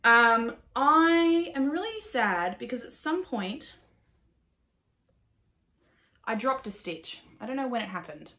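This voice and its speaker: A chatty Australian woman hosts a knitting podcast in a relaxed, casual way. She swears freely, pokes fun at herself and laughs often. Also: on the high side, slow pace, pauses often. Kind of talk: casual chat.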